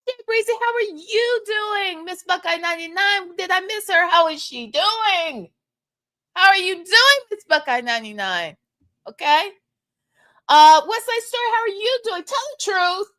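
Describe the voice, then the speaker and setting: Lively high-voiced woman hosting a livestream. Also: no echo, clean studio sound. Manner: playful, teasing, greets chat viewers by name. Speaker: host of a gossip livestream. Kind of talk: casual livestream chat.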